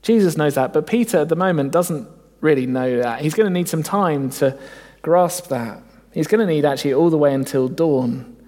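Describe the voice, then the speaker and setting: A man's voice: medium pitch, a little mellow, in a large hall. A man preaching a sermon, earnest and reflective, often asking his listeners rhetorical questions.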